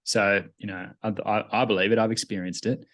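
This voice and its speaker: A man's voice: lowish voice, level tone, a little fast, a bit bright. A man hosting a podcast, chatting casually and reflectively with his guest. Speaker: podcast host.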